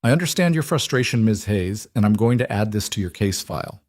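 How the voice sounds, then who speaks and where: A careful young police officer talks in a measured, official manner, voiced by a man narrating the story. His voice is on the low side, with a close, dry sound. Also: lively intonation, darkish tone, dry recording, close to an everyday voice.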